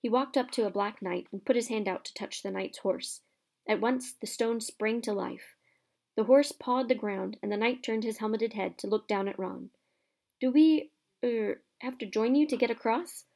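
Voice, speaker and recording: A woman narrating a children's fantasy novel aloud with expressive, lively storytelling. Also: medium pitch, normal speed, creaky.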